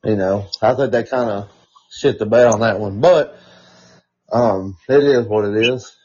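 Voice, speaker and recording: A man's voice: fairly low pitch, a little slow, a little mellow, slightly rough. A man co-hosting a podcast, telling a backstage story in loose, profane casual chat full of fillers. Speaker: podcast co-host. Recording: dull lo-fi podcast audio.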